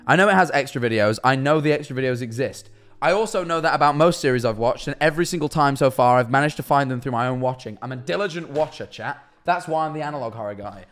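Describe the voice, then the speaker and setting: A young man chatting on a live stream from his kitchen, telling a rambling, animated story and answering chat. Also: medium pitch, fast talker, faint music behind. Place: kitchen at home.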